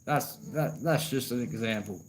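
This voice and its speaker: An Australian-accented vlogger talks casually and easygoingly to camera at normal speed, his mid-range voice swearing freely and repeating "you know what I mean." The recording is rough, with slight background noise.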